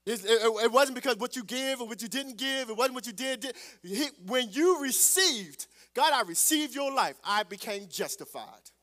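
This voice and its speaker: A man preaching a sermon as pastor, calling out to the congregation and swelling loud on scripture. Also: very high-pitched, animated, moderate pace, hardly any pauses.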